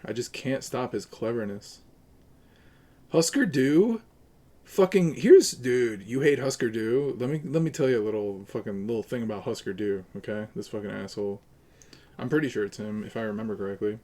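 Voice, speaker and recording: A man's voice: mid-range voice, lively intonation, normal speed, warm tone. A man livestreaming, ranting to his chat in a profane, argumentative and sarcastic way. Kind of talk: casual live-stream rant to chat.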